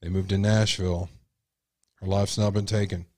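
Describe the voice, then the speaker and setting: A man's voice: low voice, little pitch movement, normal speed, warm tone, dry recording. Blunt man giving dry commentary. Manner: blunt, opinionated. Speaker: commentary host. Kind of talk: casual opinionated commentary.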